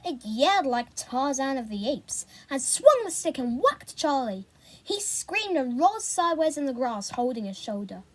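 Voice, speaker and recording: A woman reading a children's novel aloud in an expressive storybook style. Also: high-pitched, moderate pace. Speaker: reader.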